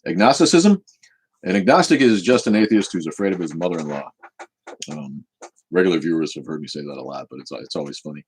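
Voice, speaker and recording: A man's voice: a bass voice, quick pace, slight background noise. A man in his fifties hosting a live question-and-answer stream, talking bluntly and with profanity about his views. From United States. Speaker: show host.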